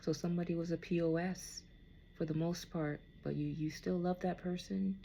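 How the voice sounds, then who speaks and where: This woman reads spiritual cards casually for an unseen person, and her lowish, creaky voice has a dark tone and stays level at a normal speed. A slight hiss or hum runs underneath as she reassures the listener and keeps checking "okay?"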